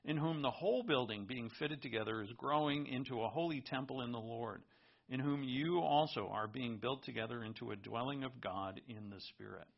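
Gravelly-voiced man preaching, lo-fi sound. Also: medium pitch, moderate pace. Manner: earnest teaching tone, reads scripture aloud then explains. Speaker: pastor. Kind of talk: sermon. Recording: muffled lo-fi recording.

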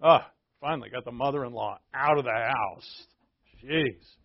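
A man teaching through a Bible passage in a relaxed, conversational way, explaining terms plainly and often restarting his sentences. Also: medium pitch, unhurried, dry recording, muffled recording. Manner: conversational and digressive, with frequent restarts.

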